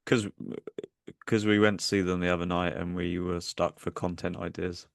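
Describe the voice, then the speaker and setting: A man's voice: low voice, level tone, moderate pace, gravelly, no echo, studio quality. A middle-aged man co-hosting a podcast over a remote call, trading playful banter and laughing along. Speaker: podcast co-host. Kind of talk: casual chat. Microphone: remote call mic.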